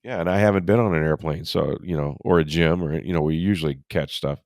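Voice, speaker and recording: A man's voice: a bass voice, fast talker, a little mellow, no echo, studio quality. A man co-hosting a casual sports podcast, stuffed up from a summer cold, grumbling wryly as he talks. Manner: wry, grumbling banter. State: congested from a cold. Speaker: podcast co-host.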